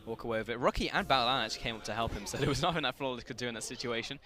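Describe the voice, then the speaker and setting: Fast-talking male esports play-by-play caster. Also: mid-range voice, background noise. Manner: fast, rising to excited shouts on big plays. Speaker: esports commentator. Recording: commentary over game music.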